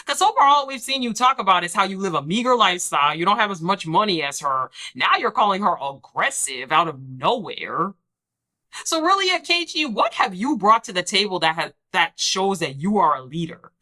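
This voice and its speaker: A woman's voice: mid-range voice, big pitch swings, brisk, bright, forceful tone. A young woman hosting a reality TV recap, talking emphatically and sassily and acting out the people she quotes. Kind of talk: casual recap commentary.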